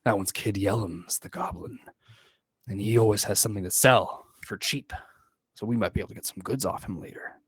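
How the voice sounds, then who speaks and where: A man's voice: fairly low pitch, fairly quick, lightly acted. A man voicing nosy young male fighters trading rumors in a chatty way. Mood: gossipy. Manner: chatty, rumor-spreading quotes.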